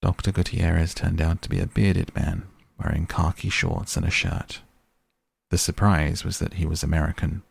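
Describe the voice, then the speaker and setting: Male narrator for a novel, gravelly fry, voices characters with little change. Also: deep voice, moderate pace, no room sound. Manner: reads all characters in a mostly even narrating voice. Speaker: audiobook narrator. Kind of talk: scripted narration.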